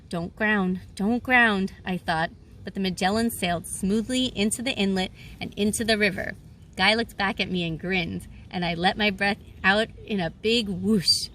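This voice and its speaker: A woman narrates a children's adventure book in the first person. Her storytelling is lively and expressive, at an ordinary pitch for a woman. A faint hum sits behind the voice. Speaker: audiobook reader.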